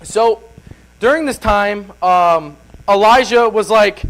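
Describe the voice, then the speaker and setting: Man with a high voice preaching in a loose, conversational way, full of restarts. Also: slow pace, a bit bright, poor audio. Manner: rambling, with restarts and filler words. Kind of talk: informal Sunday sermon.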